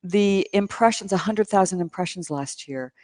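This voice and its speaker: A woman guest, the conference chair, explaining her field in a casual interview at a conference, lively and enthusiastic with frequent ums. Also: medium pitch, moderate pace, dry recording, clean studio sound. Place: conference venue.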